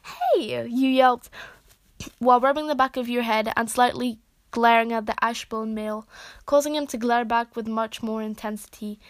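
A woman's voice: a little high, fairly even intonation, normal speed, dry recording. A young woman reading fan stories aloud with giggly, casual asides. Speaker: fanfiction reader.

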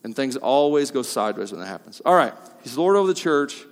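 A male pastor preaching a sermon, moving from quiet asides to loud, emphatic peaks. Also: mid-range voice, big pitch swings, fast, in a large hall.

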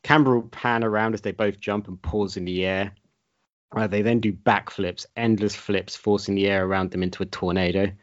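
Deep-voiced man reading a comedy script. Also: fairly even intonation, fairly quick, dull audio. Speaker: podcast co-host reading a script. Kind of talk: comedic script read-aloud.

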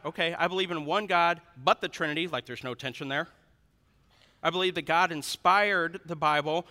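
A man preaching a sermon to a congregation, dynamic and humorous, swinging between loud emphasis and hushed asides. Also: a little high. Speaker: pastor. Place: large church hall. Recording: reverberant hall.

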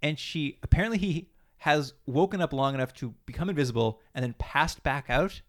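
A man's voice: on the high side, a little fast. A man co-hosting a podcast, casually recapping a TV episode and acting out the characters' lines in a mocking way. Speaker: podcast co-host. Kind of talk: casual chat recapping a TV show.

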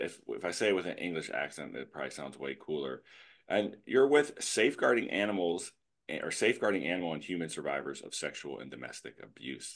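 Deep-voiced joking male podcast host. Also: fairly bright tone. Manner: jokey, rambling storyteller. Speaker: podcast host, animal control officer. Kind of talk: casual podcast chat.

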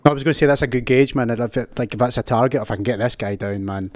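A man's voice: medium pitch, fast talker, a little mellow, dry recording. A man hosting a casual interview, agreeable and chatty, often saying "aye" and "man".

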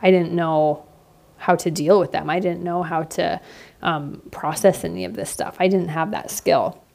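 Woman host in her 30s, low and gravelly, mellow tone, candid casual podcast monologue. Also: steady tone, moderate pace. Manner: candid and reflective, many fillers.

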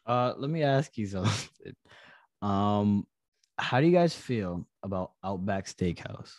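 A man's voice: on the low side, animated, unhurried, a little mellow, no echo, studio quality. A man hosting a casual podcast, asking questions and laughing often. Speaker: podcast host. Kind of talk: casual chat.

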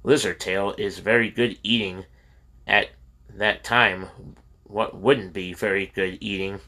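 A man reading a memoir aloud in a steady, plain storytelling manner with small slips. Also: on the low side, takes it slowly. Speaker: reader of a memoir.

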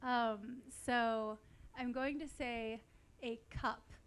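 A woman's voice: on the high side, fairly even intonation, very slow, clean tone. A woman answering questions as a contestant on a live quiz show, hesitant and full of ums.

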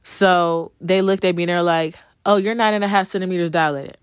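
A woman's voice: fairly low pitch, steady tone, fairly quick, clear, resonant tone, no room sound. Woman, personal storytelling, conversational, ums, dry close recording. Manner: conversational, with frequent ums and repeated phrases. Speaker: vlogger telling her birth story.

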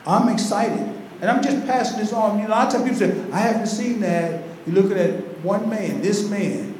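High-voiced preaching pastor in echoing church. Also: male voice, brisk, darkish tone. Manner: preaching with rising fervor and repetition. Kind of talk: sermon. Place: large echoing church hall. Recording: very echoey church hall, faint background noise.

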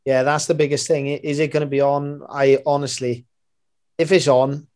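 A man's voice: fairly high pitch, flat delivery, normal speed, darkish tone. A man from Britain co-hosting a podcast, trading laid-back, teasing banter. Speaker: podcast co-host. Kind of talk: casual pub chat.

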